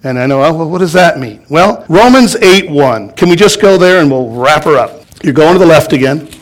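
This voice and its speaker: A man pastor delivering a sermon, animated and storytelling, chuckling as he goes. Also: a little high, moderate pace. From United States. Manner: animated storytelling with laughs and acted-out quotes.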